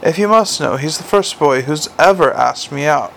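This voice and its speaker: A man voicing a shy, sweet young woman, soft and a little plaintive, in a storybook reading. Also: low-pitched, animated, moderate pace, gravelly, a little hiss or hum, exaggerated voice.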